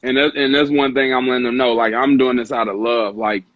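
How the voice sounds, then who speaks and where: A man's voice: mid-range voice, level tone, fairly quick, no echo. A man in his thirties, co-hosting a casual chat on a video call, earnest and laid-back. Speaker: podcast co-host. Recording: dry, dull lo-fi audio.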